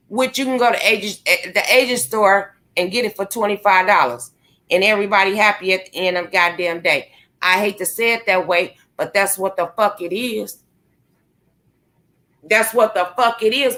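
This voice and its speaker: A woman's voice: on the high side, bright, forceful tone. A woman ranting angrily and profanely straight into her computer microphone. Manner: angry, profane, confrontational. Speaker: vlogger. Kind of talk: heated direct-to-camera rant. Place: indoors at a computer.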